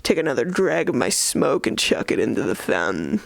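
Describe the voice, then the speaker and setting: Woman doing a low creepy guy from a dark romance book, cold, gravelly, close mic. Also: big pitch swings, normal speed, dry recording, full character voice. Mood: menacing. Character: menacing young male stalker.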